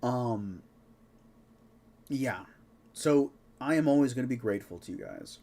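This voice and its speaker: A man's voice: medium pitch, animated, unhurried, dark tone. A man co-hosting a live Q&A, reading out listener questions in a jokey, easygoing way. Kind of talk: casual chat.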